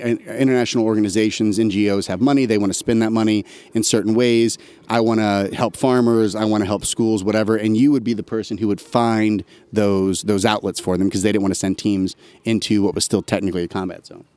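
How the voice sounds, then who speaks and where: A man's voice: lowish voice, a little mellow, smooth, no room sound. A man, an army veteran guest on a podcast, telling a long story in a loose, slangy, conversational way. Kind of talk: casual storytelling chat.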